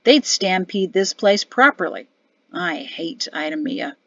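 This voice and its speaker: A woman's voice: fairly low pitch, lively intonation, a little slow, no room sound. Lady narrator doing a grumpy middle-aged officer husband, sarcastic moaning, muffled dry sound. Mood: sulky. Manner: sulky, sardonic complaining. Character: grumbling middle-aged army officer father.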